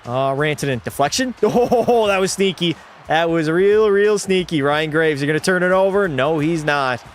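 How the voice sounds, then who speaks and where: With a fairly high voice at a normal speed and faint music in the background, a young streamer gives broadcaster-style, excitable commentary on a hockey video game. He swears liberally and keeps talking to his chat.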